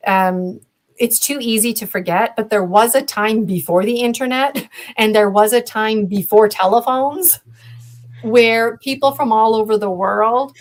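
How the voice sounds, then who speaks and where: Woman from Canada, mid-pitched, a guest speaking over a video call, loose and meandering with lots of ums. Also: poor audio. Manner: rambling, reflective, many fillers. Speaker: guest promoting a conference. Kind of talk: casual video-call interview.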